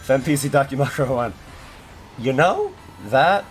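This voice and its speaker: A man's voice: mid-range voice, very animated, moderate pace. A man streaming a video game, chatting casually with his audience, rambling and self-deprecating with lots of fillers and restarts, faint game music behind. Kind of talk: casual gaming stream chat.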